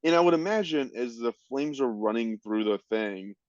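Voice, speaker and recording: A man co-hosting a history podcast, easygoing and thinking out loud as he reacts to the story. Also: mid-range voice, expressive, normal speed, no echo, muffled recording. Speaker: podcast co-host. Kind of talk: casual history chat.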